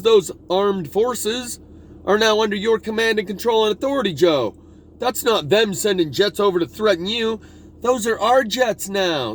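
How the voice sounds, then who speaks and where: A man with a somewhat high voice holds forth in a meandering spiritual monologue. He trails off, restarts and leans hard on the words he wants to stress. Faint traffic noise hums in the background. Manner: meandering, restarts often, intense emphasis. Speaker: video blogger.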